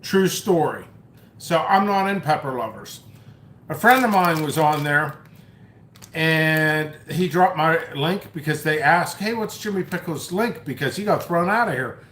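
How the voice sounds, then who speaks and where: A man's voice: a little high, expressive, measured pace, fairly bright tone, slight background noise. Man, stream host, casual rambling, mocking, restarts, echoey room. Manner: storytelling, mocking, swears, restarts often. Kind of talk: rambling live stream chat, reading comments. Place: at home, eating noodles.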